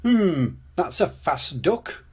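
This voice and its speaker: A man's voice: high voice, big pitch swings, takes it slowly, a little mellow, slightly rough, voice pushed up, full character voice. An older man reading a storybook, voicing a confident male dog boat captain. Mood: boastful.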